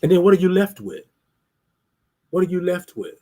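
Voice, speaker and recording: A man's voice: sits high, sing-song, normal speed, warm tone. A man hosting a live show, talking straight to his viewers in an emphatic, preachy monologue. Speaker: host of a live talk show. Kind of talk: motivational live-stream monologue.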